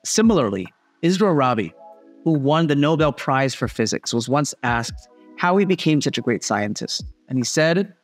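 A man hosting a podcast, giving a reflective spoken lesson in an earnest, measured tone. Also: medium pitch, very animated, no echo, soft background music. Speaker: podcast host and father.

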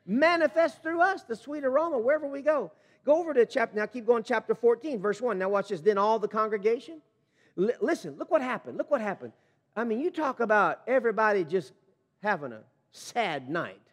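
A man preaching a sermon as pastor, reading scripture and commenting with animated emphasis. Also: very high-pitched, moderate pace, big-room sound. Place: church sanctuary.

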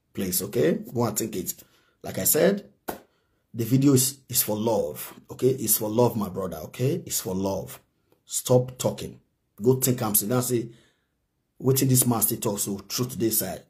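A Nigerian man talks straight to camera for a gossip vlog, urging and pleading in a preachy way. His voice is mellow and dark, sitting at an ordinary male pitch. He circles back to the same points over and over. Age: adult, married. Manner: preachy, pleading, repeats himself. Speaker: gossip commentator. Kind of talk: pidgin commentary vlog.

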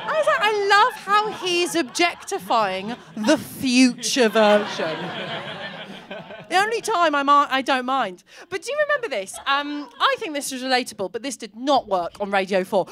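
A woman in her thirties doing a bawdy stand-up comedy set on a club stage, acting out characters and breaking into shouts. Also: high-pitched, sing-song, quick pace, hardly any pauses, a crowd in the background. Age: 30s.

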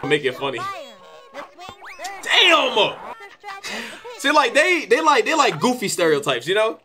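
Hyped guy yelling at his baseball game, bright voice jumping all over, cussing a lot, game music under it. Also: high voice, a little slow. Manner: excitable, swears a lot, trash-talks his players. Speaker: gaming YouTuber. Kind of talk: casual gameplay commentary.

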